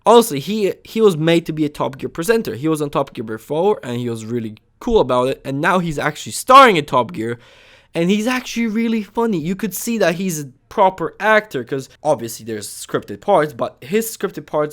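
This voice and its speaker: A young man giving a casual opinion rant as a vlogger, moving between calm, mumbled stretches and sudden loud, high bursts of yelling, and swearing freely. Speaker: vlogger reviewing a TV show.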